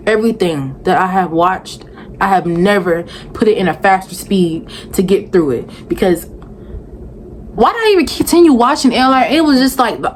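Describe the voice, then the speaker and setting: Young woman vlogger, animated and sassy casual recap, light hiss behind. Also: mid-range voice, rough recording. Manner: animated, sassy, talks back at the screen with rhetorical questions. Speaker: vlogger reviewing a reality show.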